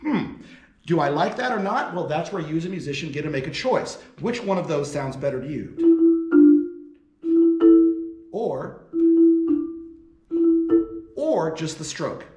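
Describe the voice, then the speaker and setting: A man's voice: a little high, expressive, measured pace, pauses often, soft background music. A man giving a percussion lesson, explaining audition tips and counting rhythms aloud as he demonstrates. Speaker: percussion professor. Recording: roomy with loud marimba.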